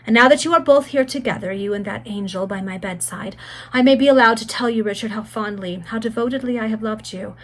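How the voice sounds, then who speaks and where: A woman's voice: a little high, brisk, natural voice. A woman voicing a tender, prophetic dying young woman in a read-aloud gothic story, with an earnest, fervent delivery.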